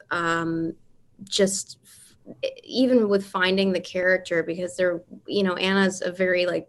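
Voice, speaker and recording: A woman's voice: mid-range voice, fairly bright tone. A woman, an actress on a panel, answering casually. She rambles and restarts, and acts out voices as she explains.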